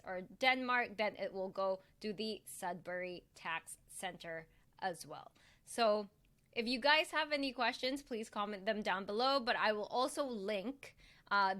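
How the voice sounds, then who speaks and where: A woman's voice: mid-range voice, sharp tone. A woman bookkeeper from Canada giving a casual tutorial, reading through lists in a chatty way and apologizing lightly now and then. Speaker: bookkeeper explaining tax filing.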